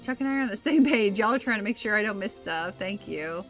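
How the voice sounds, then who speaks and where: A woman's voice: mid-range voice, lively intonation, fast talker, a bit bright, faint music behind. A woman from the Bay Area in California, chatting casually while streaming a game and reading her chat aloud. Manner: chatty, reads chat aloud, breaks into laughs.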